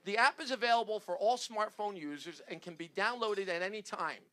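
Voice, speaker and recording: A man hosting a comedy show, reading news jokes to his panel in a rambling, halting way and laughing at his own punchlines. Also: high-pitched, bright, forceful tone. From New Jersey.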